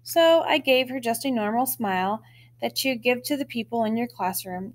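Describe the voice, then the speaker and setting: A woman reading a children's chapter book aloud, with expressive storytelling and lively lifts in her voice. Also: fairly high pitch, normal speed.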